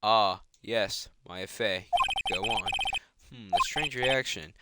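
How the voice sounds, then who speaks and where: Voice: mid-range voice, slow pace, heavy background noise, natural voice. A streamer voicing a pompous, evasive older male lawyer while reading game dialogue aloud. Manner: pompous, hesitant, hushed. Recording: loud game music behind.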